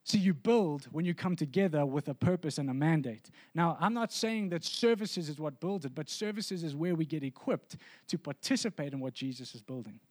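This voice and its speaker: A high-voiced man delivers a sermon to his congregation. He preaches in an earnest, conversational way, often circling back to restart a thought. The recording is dry and close, with no room sound. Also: lively intonation, brisk, hardly any pauses, a little mellow, dry recording. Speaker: pastor.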